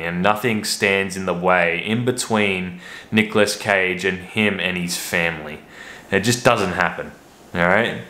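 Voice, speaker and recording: A man with a deep, low voice hosts a casual movie review vlog. His tone is bright and forceful, but his talk rambles, with stops and restarts along the way. The room around him rings with noticeable echo. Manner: rambling, hesitant, many restarts. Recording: roomy echo.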